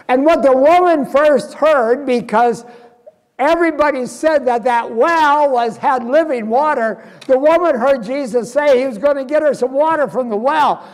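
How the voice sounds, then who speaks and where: A man's voice: very high-pitched, moderate pace. A male guest pastor preaching a sermon earnestly, asking his listeners rhetorical questions. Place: church sanctuary. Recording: long reverb in a church sanctuary.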